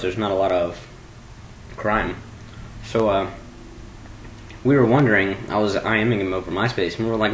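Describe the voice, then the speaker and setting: A man's voice: on the low side, low-quality recording. A teenage boy chatting casually at home into his webcam, rambling and joking and prone to giggling. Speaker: vlogger.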